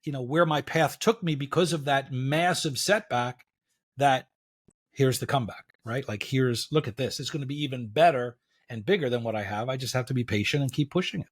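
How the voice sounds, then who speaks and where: A middle-aged man, a podcast guest, telling a story in a casual, animated way and acting out what people said. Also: mid-range voice, a little fast. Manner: animated storyteller, acts out quotes, says "da, da, da".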